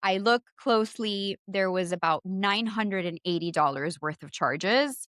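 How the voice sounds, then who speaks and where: A woman in her thirties with a non-native English accent, medium-pitched and measured, co-hosts a podcast in a studio-quality recording without room sound. Telling a story in casual chat, she's animated and profane, acting out both sides of phone calls.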